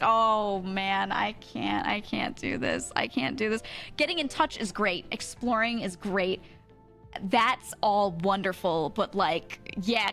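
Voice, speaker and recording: A woman's voice: fairly high pitch, a bit bright. Giggly rambling American woman streamer. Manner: rambling, laughs often, many fillers. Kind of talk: casual storytelling chat.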